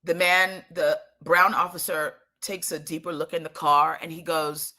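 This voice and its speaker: A young woman telling a story in a casual monologue, animated and emphatic, often restarting her sentences. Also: deep voice, unhurried.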